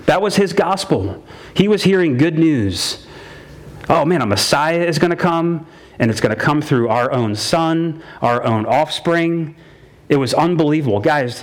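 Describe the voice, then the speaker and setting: A man with a somewhat high voice preaches a sermon as pastor. He says each phrase twice for weight and keeps calling out to his listeners as guys and man.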